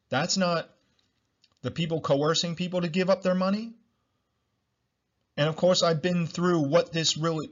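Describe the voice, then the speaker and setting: A man's voice: fairly high pitch, a bit bright. Blunt, swearing man, lo-fi. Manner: blunt, repetitive, swears freely. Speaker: podcast host. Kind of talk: solo podcast monologue.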